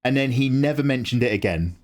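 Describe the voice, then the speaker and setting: A man who streams his drawing and chats excitedly, swearing freely and reading out viewer messages. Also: mid-range voice, a little fast. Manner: excitable, swears freely, reads chat aloud. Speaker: live-streaming artist. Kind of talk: casual livestream chat.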